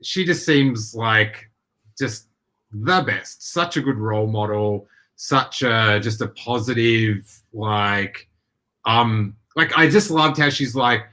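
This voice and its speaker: A man hosting a podcast in casual chat, rambling with many halting restarts. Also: medium pitch, sharp tone. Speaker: podcast host.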